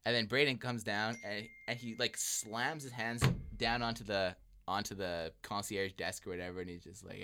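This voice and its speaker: A man's voice: mid-range voice, moderate pace. A young man hosting a podcast, telling a story casually and acting out the people in it, laughing often. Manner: animated, acts out voices, laughs often. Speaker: podcast host.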